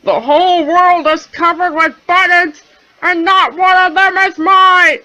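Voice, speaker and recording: Lady doing a cranky little toad guy, whiny, yells a lot, voice jumps all over. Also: mid-range voice, sing-song, slow, voice pushed down, exaggerated voice, poor audio. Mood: upset shouting. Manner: grumbling, then wailing and shouting. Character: fussy male toad, easily upset.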